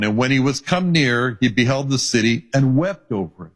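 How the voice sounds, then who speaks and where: A man's voice: mid-range voice, lively intonation, normal speed, hardly any pauses. A male pastor preaching an earnest sermon, reading scripture aloud.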